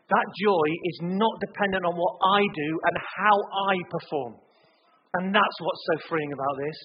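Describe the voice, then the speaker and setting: A man preaching a sermon in a casual, storytelling way, acting out conversations as he goes. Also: on the high side. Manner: conversational storytelling, acts out quoted dialogue. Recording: muffled hall recording with faint noise.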